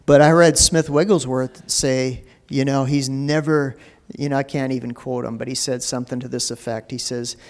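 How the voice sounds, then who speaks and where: This man preaches as pastor in a church sanctuary, talking in an easygoing way with frequent "you know" fillers. His mid-range voice is a little mellow, with fairly even intonation and a moderate pace, and the hall reverb is long.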